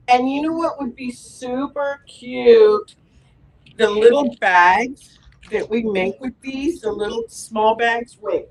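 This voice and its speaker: A woman's voice: on the high side, poor audio. A woman hosting a live fabric store product demo, chatty and gushing.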